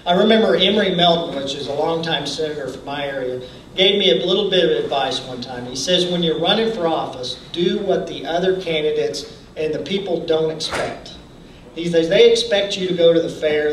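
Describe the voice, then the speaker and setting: A man giving a folksy motivational speech at a campaign training event. He often restarts his sentences and clears his throat. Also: a little high, brisk, slight background noise. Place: event hall. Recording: echoey hall from far off.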